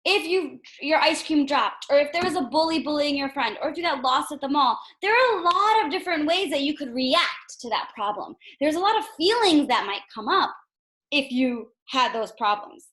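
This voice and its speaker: A woman with a high voice teaches a reading lesson to young children. She speaks gently and asks many questions. She keeps checking in with her listeners. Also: animated, normal speed.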